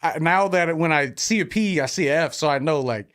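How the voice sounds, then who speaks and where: A man's voice: fairly high pitch, fairly quick, fairly bright tone. A man who is a podcast guest, rambling in casual chat with many fillers. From Filipino family.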